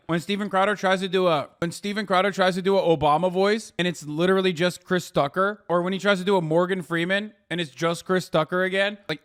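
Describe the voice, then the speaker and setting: A man streaming live, reacting to a clip with profane, animated ranting. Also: high voice, smooth. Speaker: streamer and political commentator.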